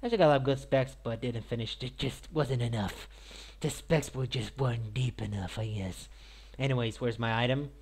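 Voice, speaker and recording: A man giving casual, rambling gameplay commentary, full of "like" and "mate" and bursting into loud high shouts. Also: normal speed, breathy edge. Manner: says "like", "mate" and "I guess" often. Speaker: gaming YouTuber.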